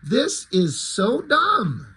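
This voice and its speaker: A man's voice: high voice, huge pitch swings, drawn-out words, bright, forceful tone, husky, poor audio. A man reviewing a comic book in casual commentary, sarcastic and profane, with frequent asides.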